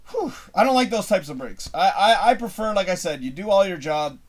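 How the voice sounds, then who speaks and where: Rambling, animated man host swearing freely. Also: high-pitched, brisk. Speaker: live show host. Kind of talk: casual live-stream storytelling.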